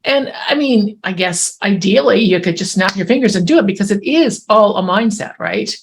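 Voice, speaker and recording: A woman's voice: medium pitch, lively intonation, moderate pace. A woman hosts the interview in a mid-range voice. She presses her guest with probing follow-up questions. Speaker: interview host. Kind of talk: conversational interview.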